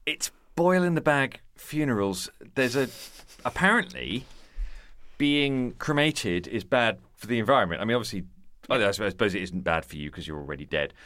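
A man's voice: fairly low pitch, expressive, moderate pace, fairly bright tone, no room sound. An English man, a sketchwriter guest, talking with dry wry asides and some hesitant ums while reading from a news story. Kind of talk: casual chat, reading news aloud.

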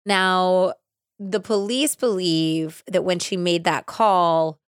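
Smooth-voiced woman retelling a crime story. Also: fairly low pitch, dry recording, clean studio sound. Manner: animated retelling, acts out quotes, frequent "like". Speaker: true crime podcast host. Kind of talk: casual storytelling.

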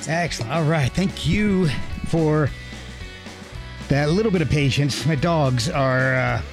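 A middle-aged man hosting a podcast. He reads a scripted intro, then slips into relaxed, chatty talk over a remote call, quick to laugh. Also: a little high, music in the background. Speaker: podcast host.

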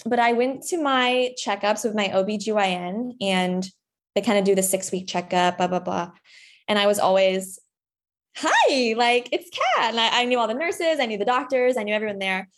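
Chatty young woman acting out her own past lines. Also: fairly quick. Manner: candid and chatty, acts out past dialogue in a higher voice. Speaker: podcast guest. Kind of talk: casual chat.

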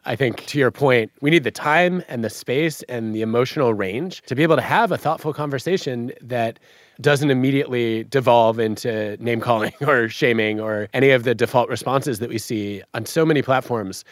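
Middle-aged man, animated storyteller who plays both sides of a debate, dry studio sound. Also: mid-range voice, moderate pace, dry recording. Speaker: guest author. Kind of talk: podcast conversation.

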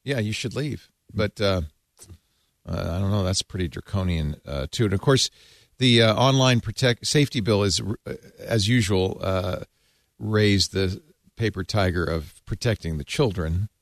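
A man hosting a podcast discussion, talking in a wry, animated way and putting questions to his guests. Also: fairly low pitch, moderate pace, dry recording, clean studio sound. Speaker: podcast host. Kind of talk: casual discussion.

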